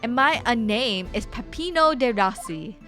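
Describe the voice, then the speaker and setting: A woman's voice: a little high, animated, unhurried, bright, forceful tone, soft background music. A woman voicing a boastful young Italian nobleman and swindler with a put-on Italian accent, reading game dialogue aloud. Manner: showy, theatrical.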